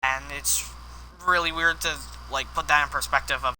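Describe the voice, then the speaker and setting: A man's voice: fairly high pitch, steady tone, normal speed, pushed and bright, a little hiss or hum, low-quality recording. A man streaming a video game, rambling candidly and swearing often while he plays. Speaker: gaming streamer. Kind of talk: live game commentary with personal confession.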